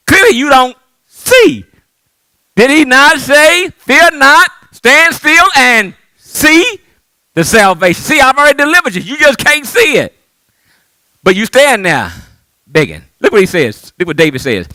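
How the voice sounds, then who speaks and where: A middle-aged man from the pulpit in a strikingly high, lively voice that leaps up and down. The sound is bright and dry, close and without room echo. He calls out to the congregation and swings between near-shouts and hushed asides. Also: measured pace. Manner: call-and-response preaching, swinging from loud to hushed. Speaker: pastor. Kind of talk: sermon.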